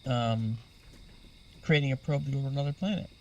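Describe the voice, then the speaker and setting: Gravelly man explaining astronomy. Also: medium pitch, brisk, a little mellow, far from the mic, lo-fi sound, a little hiss or hum. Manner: patient and explanatory, spells out terms. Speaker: astronomy guest expert. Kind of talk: explanatory interview talk.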